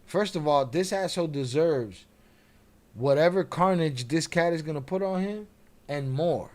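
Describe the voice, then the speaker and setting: A man's voice: on the high side, expressive, moderate pace, a little mellow. Brash profane man hosting a stream. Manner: brash, profane, trash-talking. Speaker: live stream host. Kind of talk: live reaction commentary.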